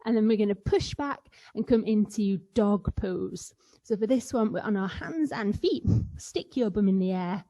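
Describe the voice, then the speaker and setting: A kids yoga teacher guides children through a playful session, now and then making animal sounds. Her voice is medium-pitched, expressive, and warm, at a moderate pace.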